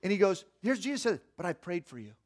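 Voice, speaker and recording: Animated preacher with a fairly high voice. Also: male voice, fast. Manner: animated, swinging between hushed and loud; conversational, streetwise, folksy. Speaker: pastor. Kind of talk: sermon.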